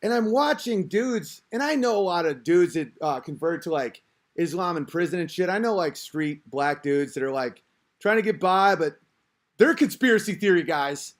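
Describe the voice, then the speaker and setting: High-voiced man ranting casually. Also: animated, normal speed. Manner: rambling, crude, self-interrupting. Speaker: podcast host. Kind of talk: casual rant monologue.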